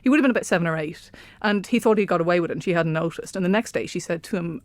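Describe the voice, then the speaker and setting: A woman historian talks through the past in a chatty, aside-filled way, full of ums. Her voice is fairly low and recorded close and dry, with no room around it. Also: rapid-fire, no room sound. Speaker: historian guest. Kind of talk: explaining history in casual chat.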